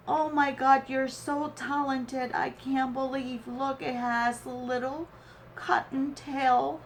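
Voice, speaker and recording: A woman with a high, bright pitch speaks at a very slow, lingering pace, gushing with teary awe as she opens a handmade craft gift. Faint background noise sits under her voice. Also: little pitch movement. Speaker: crafting channel host. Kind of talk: emotional unboxing of a craft swap gift.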